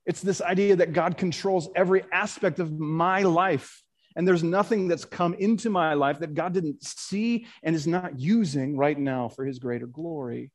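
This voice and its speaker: A man preaching a sermon, his voice sitting a little high. He reads scripture and old creeds aloud, building emphasis as he goes, and now and then trips over a word and corrects himself. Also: normal speed. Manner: earnest preaching with stumbles and self-corrections. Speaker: pastor.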